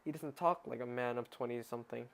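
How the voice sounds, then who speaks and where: A man's voice: mid-range voice, fast, creaky, a bit bright. A man reading a novel aloud at home as a mock audiobook, stumbling over words and breaking off into sarcastic, exasperated asides. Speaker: reader of a parody audiobook.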